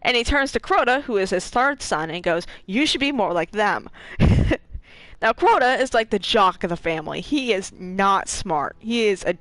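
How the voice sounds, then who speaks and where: A woman streaming a game, chatting her way through its story with a lot of swing in her pitch and bursts of laughter. She swears freely and jumps into quick voices for each character. The sound is close and dry, with no room around it. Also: animated, a bit bright, dry recording, poor audio. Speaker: gaming streamer. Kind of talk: casual lore retelling while gaming.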